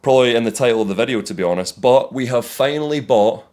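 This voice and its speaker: A young Scottish man chatting casually to camera about his grass-cutting business, animated and swearing freely as he tells stories. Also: medium pitch, fast talker. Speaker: vlogger, landscaping business owner. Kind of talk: casual vlog storytelling.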